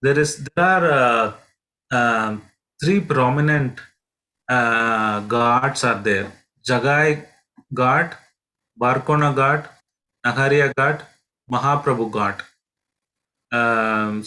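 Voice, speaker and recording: A man leads a devotional lesson as a pilgrimage guide. He speaks in a halting way, full of fillers and restarts, as he tells the stories. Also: mid-range voice, pushed and bright, low-quality recording.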